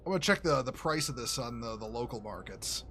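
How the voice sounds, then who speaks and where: A man giving casual, rambling commentary while playing a game, excitable and swearing, often restarting his sentences. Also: mid-range voice, a little fast, a little hiss or hum. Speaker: gaming streamer.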